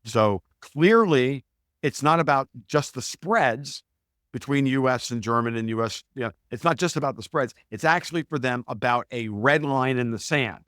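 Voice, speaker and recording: A man talking as a guest analyst in a podcast interview, emphatic and profane, piling up quick digressions and restarts. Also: medium pitch, animated, a bit bright, no room sound, clean studio sound.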